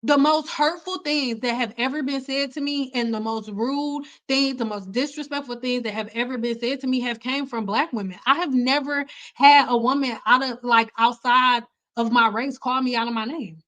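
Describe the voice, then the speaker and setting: A young woman from Detroit telling stories in a casual livestream, chatty and animated, jumping into other people's voices. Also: normal speed, poor audio. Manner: animated, chatty, acts out quoted people with big pitch jumps. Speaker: hair care livestream host.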